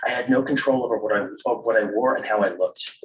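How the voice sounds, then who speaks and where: A man reading his own memoir aloud at a live literary event, measured and wry, with self-amused asides. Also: fairly low pitch, muffled recording. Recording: roomy, distant mic at a live reading.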